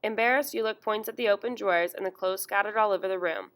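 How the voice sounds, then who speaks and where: A woman reading a first-person story aloud in a measured, emotional way. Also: medium pitch, a bit bright. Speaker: audiobook narrator. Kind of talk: first-person audiobook narration.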